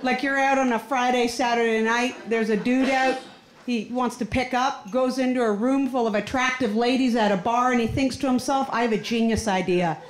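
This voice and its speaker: A woman's voice: a little high, moderate pace. A Canadian woman doing a stand-up comedy set in a club, telling stories animatedly and acting out characters. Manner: animated storytelling, acts out characters. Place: comedy club stage before a laughing crowd. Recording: roomy club with crowd laughter.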